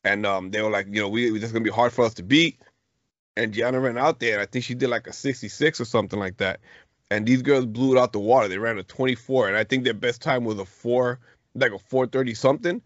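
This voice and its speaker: A man's voice: mid-range voice, fairly even intonation, fast talker, no room sound. A middle-aged man co-hosting a podcast, chatting casually and telling a story in slangy speech full of restarts. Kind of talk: casual chat. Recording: dull lo-fi podcast recording.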